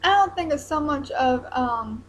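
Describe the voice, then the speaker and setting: A young woman, talking haltingly in a personal vlog while close to tears. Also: high-pitched, expressive, poor audio. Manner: hesitant, halting, many ums and restarts.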